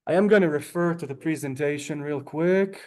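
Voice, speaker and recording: A man's voice: a little high, normal speed, darkish tone. A man teaching a Hebrew class over a video call, talkative and courteous, often apologizing and saying ma'am. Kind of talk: online class lecture.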